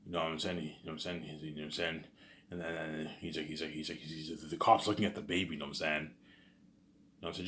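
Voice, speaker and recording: Guy with a deep voice rambling through a story, keeps stammering and repeating himself, gets loud and excited sometimes. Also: rapid-fire. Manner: repetitive and stammering, with constant "you know what I'm saying" fillers; bursts into excited loud asides. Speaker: storyteller pitching a film idea.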